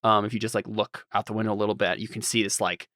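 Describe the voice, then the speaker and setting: A man's voice: fairly low pitch, level tone, fast, a bit bright, no echo, studio quality. A man narrating as game master for a tabletop game, rambling and searching for words as he describes the scene.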